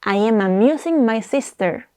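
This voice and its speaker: A woman's voice: on the high side, animated, noisy background. Spanish-accented woman teaching with careful examples. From Spain. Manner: slow careful repetition of examples. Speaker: language teacher. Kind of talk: explaining language points.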